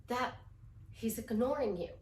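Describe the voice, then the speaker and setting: Woman life coach chatting advice, animated, acts out bits, roomy echoey sound. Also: on the high side, measured pace, recorded from a distance. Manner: animated, slips into role-play voices. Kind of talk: casual advice monologue.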